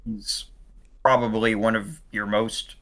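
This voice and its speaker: A man on a casual panel chat, speaking in a hesitant, halting way. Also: lowish voice, level tone, fairly bright tone. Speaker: panel member.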